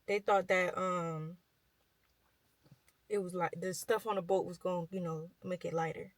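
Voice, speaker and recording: A woman's voice: lowish voice, steady tone, moderate pace, no echo, poor audio. A young woman vlogger chatting as she retells a Bible story, with lots of fillers and slang.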